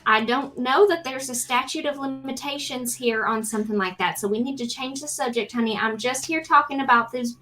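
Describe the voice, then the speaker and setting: A woman's voice: sits high, brisk, few pauses, pushed and bright. Chatty woman role-playing. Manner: chatty, drawling, many fillers, playful. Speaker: player. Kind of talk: tabletop role-play.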